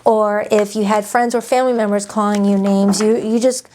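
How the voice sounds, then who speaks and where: A woman's voice: medium pitch, level tone, normal speed, darkish tone. A woman doing a casual tarot reading, chatty and emphatic, often repeating her phrases. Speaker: tarot reader.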